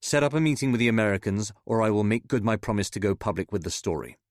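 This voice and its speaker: A man reads a spy novel in a measured, steady narration. His voice sits low, and the sound is close and dry with no room around it. The characters get only slight changes from his own voice. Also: no echo. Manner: measured reading, voicing characters with little change. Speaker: audiobook narrator. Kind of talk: scripted audiobook narration.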